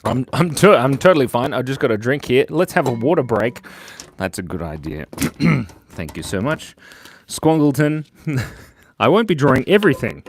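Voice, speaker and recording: A man's voice: medium pitch, sing-song, moderate pace, a little hiss or hum. A cheerful, chatty man hosting a live drawing stream, constantly thanking viewers, on a clip-on mic. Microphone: clip-on lapel mic.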